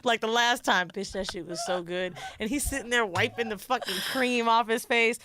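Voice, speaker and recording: Animated, foul-mouthed woman podcast host. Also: high voice, normal speed, hardly any pauses. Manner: animated storyteller, swears freely, acts out quotes. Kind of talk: casual chat.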